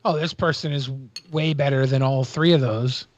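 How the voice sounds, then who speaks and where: A man's voice: medium pitch, fairly even intonation, normal speed, highs cut off, background noise. A man co-hosting a podcast, mocking clips in crude, profanity-heavy banter. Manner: crude, mocking, swears constantly. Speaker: podcast co-host. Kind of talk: casual profane commentary.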